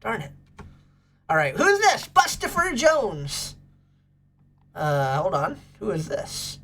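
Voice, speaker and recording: Woman livestream host, casual and bubbly, with a very lively pitch. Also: slow pace. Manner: bubbly, gushes over pets and thanks chat.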